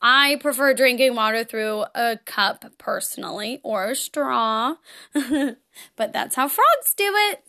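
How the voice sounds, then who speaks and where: High, slow, bright-voiced children's host woman. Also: expressive. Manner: playful, giggly, gently encouraging. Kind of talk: talking to young children.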